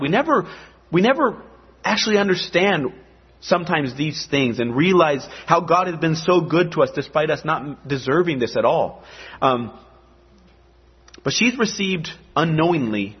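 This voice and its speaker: A man's voice: a little high, husky, lo-fi sound. A man preaching a sermon, talking in a conversational way and dropping in dramatic asides. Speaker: pastor.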